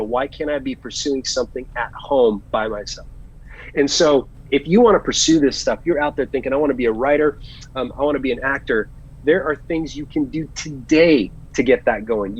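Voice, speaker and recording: Husky-voiced man telling stories. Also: medium pitch, highs cut off. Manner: animated storyteller, earnest advice. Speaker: actor guest. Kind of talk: casual interview chat.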